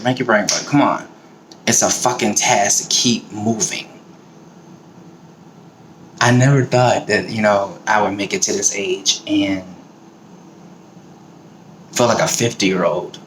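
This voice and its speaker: A man's voice: on the low side, a little slow, pauses often, fairly bright tone. Middle-aged southern-born guy ranting, blunt and cussing a lot, roomy echo, a bit of noise behind. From American South. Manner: blunt, profane, fired-up. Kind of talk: casual monologue.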